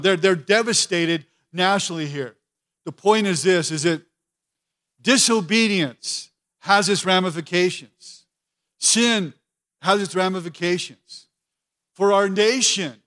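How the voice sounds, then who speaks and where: High-pitched guy preaching, fervent and emphatic, repeats words when he gets going. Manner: expressive preaching, voicing pleading prayers to God. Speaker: pastor. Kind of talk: sermon.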